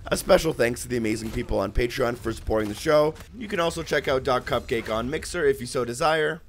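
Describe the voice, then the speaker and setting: Man, young adult, sick congested voice, scripted game review voice-over, steady measured delivery, middle pitch. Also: slight background noise. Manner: measured, even reading of a prepared review. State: congested from a cold. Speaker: game reviewer, channel host.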